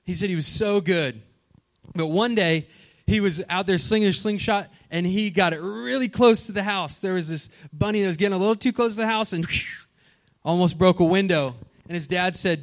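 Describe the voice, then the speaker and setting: Man preaching a lively story sermon. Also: sits high, brisk. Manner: animated storytelling, asks the crowd questions. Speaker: pastor.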